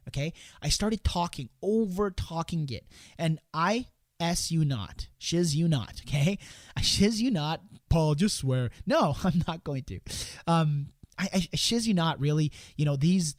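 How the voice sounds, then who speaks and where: A man with a fairly high voice coaches door-to-door sellers in a loose, rambling way. He repeats words and restarts sentences. His voice sits close and dry on the mic. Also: moderate pace, darkish tone, dry recording. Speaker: sales coach hosting a show. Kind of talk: casual coaching talk.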